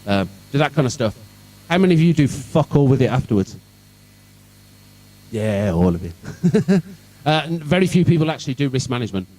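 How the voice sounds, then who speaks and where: A man's voice: on the high side, animated, quick pace, mellow, far from the mic, low-quality recording. Sweary sarcastic man with a Birmingham accent. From England, Birmingham. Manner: irreverent, sarcastic, swears freely. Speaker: conference speaker. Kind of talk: sweary comic tech talk. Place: event hall.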